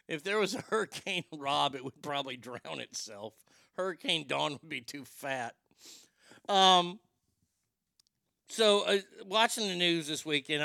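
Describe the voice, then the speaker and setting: Creaky, bright-voiced ranting man. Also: mid-range voice, no room sound, studio quality. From Texas. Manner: ranting, profane, mock outrage with loud outbursts. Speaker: radio show host. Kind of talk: comedic rant.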